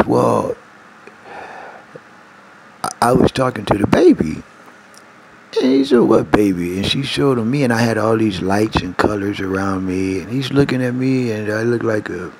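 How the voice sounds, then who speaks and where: A man's voice: mid-range voice, vocal fry, a little mellow, slight background noise, low-quality recording. A man giving a rambling personal spiritual testimony. He keeps correcting himself and circles back with "long story short".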